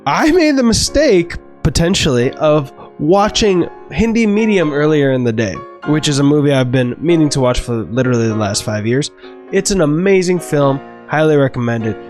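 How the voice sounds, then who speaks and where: A man vlogging in a casual video-diary style, candid and rambling, swearing freely. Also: mid-range voice. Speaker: movie vlogger.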